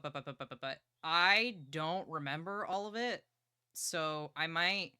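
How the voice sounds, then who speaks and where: A young woman livestreaming from her partner's home setup, chatting excitedly and playfully about books and swearing casually. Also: lowish voice, smooth, no room sound, studio quality.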